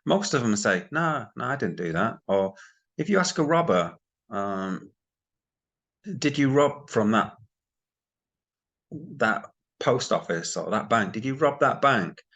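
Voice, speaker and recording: A man's voice: on the low side, lively intonation, slow, pauses often, a bit bright. A man giving rambling, exasperated commentary on online schemes to his subscribers. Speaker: crypto commentary YouTuber. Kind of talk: casual commentary to camera.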